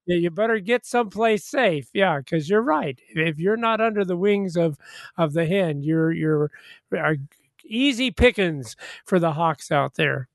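Eager slightly high-voiced man. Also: lively intonation, unhurried, vocal fry, no echo. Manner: eager, conversational storyteller with stammered restarts. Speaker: co-host discussing Bible passages. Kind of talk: casual Bible study chat.

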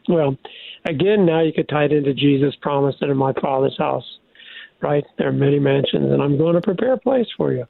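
Older male pastor, guest by phone, high gravelly voice, animated preacher's delivery. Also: no room sound. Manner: animated, preacherly, many restarts. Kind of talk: devotional radio talk. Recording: tinny phone line.

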